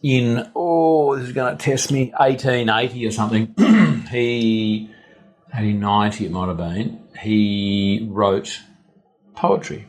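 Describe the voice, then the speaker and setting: A man with an Australian accent hosting a podcast, chatting casually in a home office, often restarting sentences and clearing his throat. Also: fairly low pitch, slow, a little mellow. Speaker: podcast host. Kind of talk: casual interview chat. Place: indoor multi-purpose room in a home.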